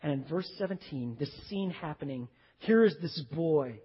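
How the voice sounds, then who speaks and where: A male pastor preaching a sermon, emphatic, dropping to hushed low phrases and speaking straight to his congregation. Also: expressive, normal speed, slightly rough. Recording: dull recording with long hall reverb.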